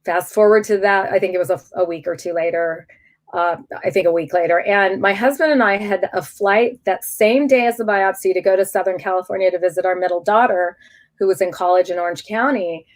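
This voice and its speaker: A woman's voice: medium pitch, brisk. Candid middle-aged woman telling her story. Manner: candid and animated, restarts often. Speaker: guest sharing her cancer story. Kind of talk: personal storytelling in an interview.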